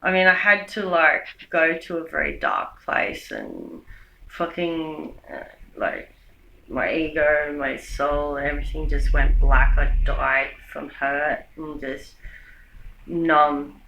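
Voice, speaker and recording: Bright, profane woman ranting in an echoey room. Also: animated, slow pace, creaky, a little hiss or hum. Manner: swearing, rambling, shifts from loud rants to low mutters. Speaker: vlogger giving a speech. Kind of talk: rambling profane monologue.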